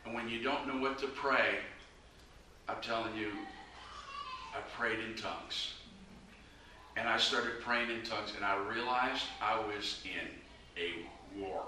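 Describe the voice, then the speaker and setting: An evangelist preacher gives a personal testimony, earnestly and urgently exhorting his listeners. His lowish voice stays steady and unhurried, with long pauses and a sharp edge. The recording is made in a very echoey room with a distant mic and faint background noise.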